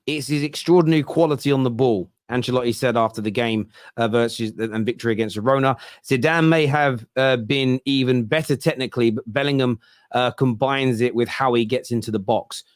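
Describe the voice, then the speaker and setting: A man hosting a football fan show, reacting fast to viewer comments in casual discussion. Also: medium pitch, fairly even intonation, no echo, studio quality.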